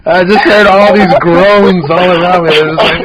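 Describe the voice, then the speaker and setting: A man from Arizona, a podcast guest, telling animated stories in casual chat, swearing a lot and acting out quotes. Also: high-pitched, normal speed. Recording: dull lo-fi sound with faint hiss.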